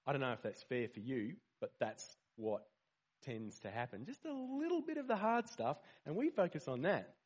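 A man preaching to a congregation in a relaxed, conversational way. His voice sits a touch high for a man and has a husky, slightly breathy edge. He keeps asking the room questions and leans hard on the words he wants to land. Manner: conversational, rhetorical questions, animated emphasis. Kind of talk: sermon.

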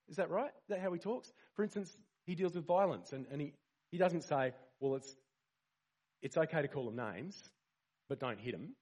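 A man giving a conversational sermon, asking the listeners questions and stressing key words. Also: a little high. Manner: conversational, rhetorical questions, animated emphasis. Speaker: preacher.

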